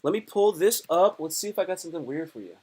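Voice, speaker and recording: A man's voice: fairly high pitch, expressive, fast talker, a little mellow, husky. A man doing a casual comedy live stream, talking in a rambling, crude, joking way.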